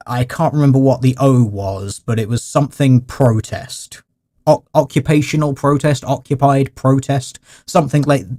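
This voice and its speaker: A man holds forth to his livestream chat in a dry, mock-formal, sardonic tone. His voice sits at an ordinary middle pitch. He sounds like a commentator picking apart a clip for his viewers. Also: dark tone. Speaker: livestream host.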